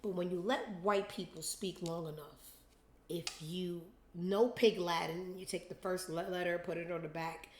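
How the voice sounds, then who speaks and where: A woman's voice: fairly low pitch, fairly even intonation, moderate pace, a little mellow, a little hiss or hum. A woman hosting a commentary show, ranting in a blunt, scornful way. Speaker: show host. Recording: roomy echo.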